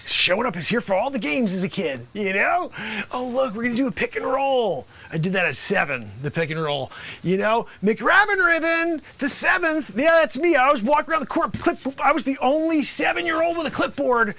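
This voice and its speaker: A man acting out a brash high school basketball coach, bossy and rambling, who keeps breaking into shouts at his players. His voice sits high and bright for a man, with a sharp, forceful edge. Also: lively intonation, moderate pace, full character voice. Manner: loud, bossy, rambling with asides. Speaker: improv comedian host. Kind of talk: improv comedy sketch.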